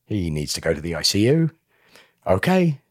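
A man, a podcast guest, telling a personal story in an animated way and acting out other people's lines. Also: low voice, normal speed, no echo, studio quality. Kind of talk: emotional storytelling.

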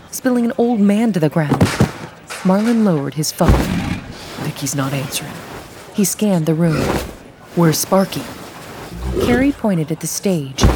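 A woman narrating a story in a steady, measured storytelling manner. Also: lowish voice, heavy background noise. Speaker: audiobook narrator. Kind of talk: scripted narration.

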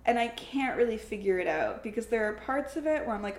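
A woman's voice: a little high, brisk. A young woman co-hosting a podcast, talking casually about TV shows and peppering her sentences with "like". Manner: chatty, frequent "like" fillers, animated laughter. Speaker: podcast co-host. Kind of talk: casual chat. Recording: roomy echo.

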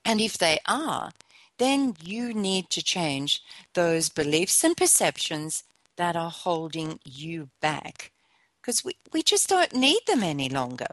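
A woman hosting a motivational talk show, speaking with conversational asides and gentle encouragement. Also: on the low side, very animated, takes it slowly, dry recording. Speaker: show host.

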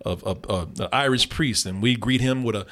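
A man's voice: medium pitch, brisk. A man co-hosting a film podcast, joking and swearing a lot in casual chat. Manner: animated, profane, joking, quoting characters. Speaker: podcast co-host reviewing a film.

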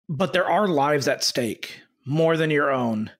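A man hosting a basketball podcast, talking in an angry, halting way with many fillers and restarts. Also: fairly high pitch. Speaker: podcast host. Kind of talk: casual podcast talk.

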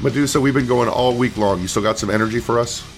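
A man's voice: mid-range voice, fast, faint music behind. A man co-hosting a talk show, steadily recapping topics and setting up questions for his guest. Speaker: co-host and interviewer. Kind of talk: casual interview chat.

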